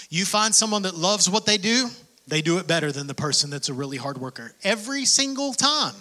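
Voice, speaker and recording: A man preaching a sermon, dropping to whispers and rising to shouts, acting out prayers in dialogue. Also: high voice, animated, brisk. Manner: swings from hushed whispers to shouted passion; acts out prayers and quotes in dialogue.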